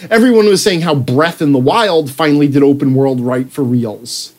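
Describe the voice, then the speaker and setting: A man's voice: on the high side, darkish tone. Sarcastic man ranting through his own article. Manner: sarcastic, swearing, breaks off to joke and laugh; puts on mock voices when quoting people. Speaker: writer reading his own article aloud. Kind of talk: ranting proofread read-aloud.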